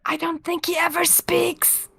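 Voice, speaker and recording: A woman's voice: very high-pitched, level tone, a little slow, gravelly, fairly bright tone. A woman chatting casually on stream, blunt and teasing, swearing offhandedly. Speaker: co-host. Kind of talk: casual read-along chat.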